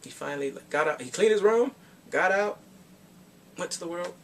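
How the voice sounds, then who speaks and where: A man's voice: high voice, expressive, moderate pace, fairly bright tone, far from the mic, a little hiss or hum. A man casually reviewing a movie, retelling scenes with animation and jumping into character voices.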